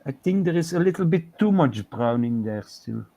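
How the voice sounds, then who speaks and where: A man's voice: on the high side, lively intonation, normal speed, mellow. A man co-hosting a casual livestream, patiently talking someone through painting step by step. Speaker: co-host of a painting chat show. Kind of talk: casual livestream chat while coaching painting.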